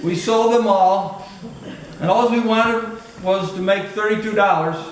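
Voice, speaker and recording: An older man delivering a fond funeral eulogy in a high voice. He is picked up from a distance in a large echoey hall with steady noise. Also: a little slow. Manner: storytelling, fond, chuckling. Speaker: eulogist, former school colleague.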